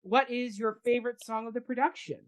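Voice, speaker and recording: A woman's voice: fairly high pitch, fairly even intonation, a little fast. A woman hosting a casual arts talk show, introducing guests with enthusiasm. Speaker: host. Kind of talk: casual chat.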